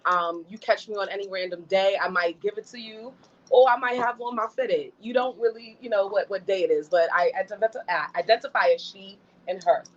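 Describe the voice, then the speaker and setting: A woman's voice: medium pitch, fairly even intonation, fairly quick. A woman guest chatting casually and laughing easily in an interview. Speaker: guest event organizer. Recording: dull lo-fi sound.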